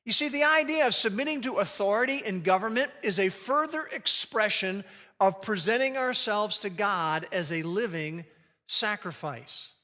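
A man preaching a sermon as pastor, leading the congregation in reciting a phrase together and slowing down to stress key words. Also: high-pitched, pushed and bright, in a large hall. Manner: leads congregation in call-and-response recitation.

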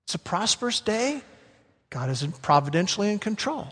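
A man preaching a sermon as pastor, emphatic, slowing down to stress key words. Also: high voice, sing-song, fairly bright tone. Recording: long hall reverb.

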